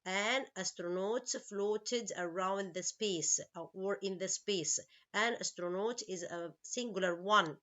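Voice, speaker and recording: A woman's voice: mid-range voice, a bit bright. Woman teacher patiently explaining English. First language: Arabic. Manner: slow, explains each word and asks questions; non-native English with grammar slips. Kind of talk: online English lesson. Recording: slightly dull lo-fi recording.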